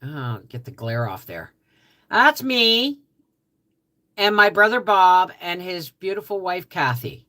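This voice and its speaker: A woman's voice: on the low side, sing-song, slow, pushed and bright. A Canadian woman hosting a casual homestead livestream, greeting viewers by name in a chatty way, just out of bed. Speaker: livestream host.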